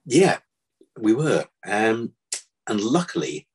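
An older man, a vet, telling stories from his past in a relaxed interview, with dry self-deprecating humour. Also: lowish voice, takes it slowly, breathy edge. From England. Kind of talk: casual interview chat.

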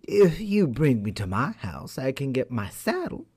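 A man's voice: mid-range voice, big pitch swings, a little slow, a little mellow, breathy edge, full character voice. A man voicing a sly, whimpering trickster male hare in a storybook tale.

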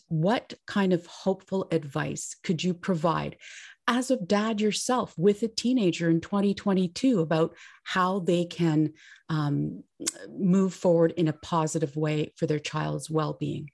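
Low-voiced woman hosting an interview. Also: darkish tone. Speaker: interview host.

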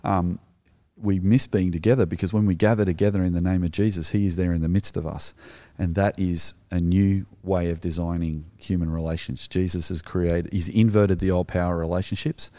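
A man's voice: deep voice, steady tone, brisk, hardly any pauses, mellow, no room sound. A middle-aged Australian man co-hosting a podcast, talking in an earnest, reflective way with frequent hesitations. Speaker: podcast co-host. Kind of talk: casual podcast discussion.

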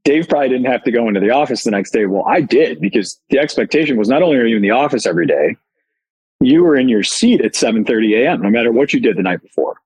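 A husky-voiced man telling a story on a podcast, animated and candid. His voice has a breathy rasp at a middle pitch. He pokes fun at himself as he talks. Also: fast talker, low-quality recording. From Chicago. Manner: animated, candid, self-deprecating. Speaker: guest, company founder. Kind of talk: casual storytelling.

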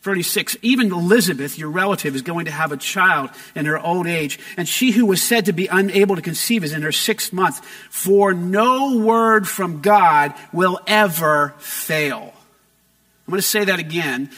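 A man preaching a sermon, reading scripture aloud and expounding on it with emphatic rises and drawn-out phrases. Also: high voice, expressive, pushed and bright. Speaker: pastor.

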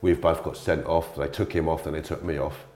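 A man's voice: extremely low pitch, level tone, brisk, noisy background. Blunt, slangy man, roomy sound. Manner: blunt, slangy, swears freely. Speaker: interview guest. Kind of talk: storytelling in conversation. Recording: roomy echo.

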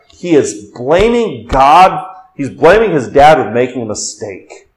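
In this expository sermon, a male pastor speaks with a sing-song lilt, going higher and faster on scripture quotations and dropping to a slow, low register for emphasis. The recording has poor audio.

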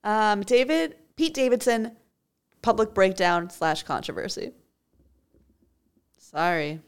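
A young woman co-hosting a podcast in casual chat, giggly and playful, with deadpan jokes. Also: mid-range voice, slow pace, clean tone. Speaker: podcast co-host.

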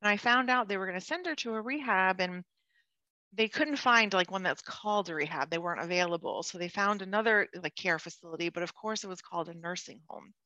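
A woman's voice: medium pitch, a little fast, bright, forceful tone, no room sound, muffled recording. A woman sharing a personal caregiving story in casual conversation, earnest and emotional, laughing now and then and restarting her sentences.

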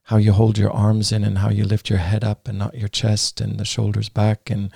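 A man's voice: on the low side, completely flat delivery, normal speed, vocal fry, warm tone, slightly rough, no room sound, clean studio sound. A man hosting a conversational interview, asking long, rambling questions with many restarts. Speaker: podcast host.

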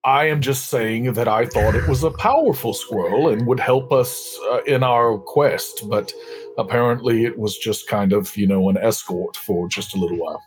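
Mid-pitched man at the game table. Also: normal speed, rough recording. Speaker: player. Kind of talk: casual tabletop play.

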